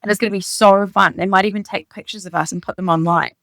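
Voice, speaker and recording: A woman reading the part of an excitable young man who proposes, speaking in an earnest, gushing rush. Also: medium pitch, gravelly, no room sound. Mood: excited. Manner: earnest, gushing, rapid declarations.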